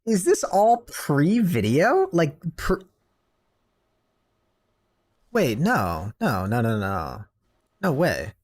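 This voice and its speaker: A man's voice: fairly high pitch, wildly swooping pitch, very slow, pauses often, darkish tone. Incredulous young man reacting live. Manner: casual, incredulous, stammering. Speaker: reaction streamer.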